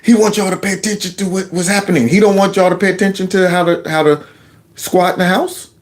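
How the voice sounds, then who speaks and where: A man's voice: sits high, steady tone, fast. A man giving casual, mocking commentary on a video clip. He talks sarcastically and addresses his viewers as y'all.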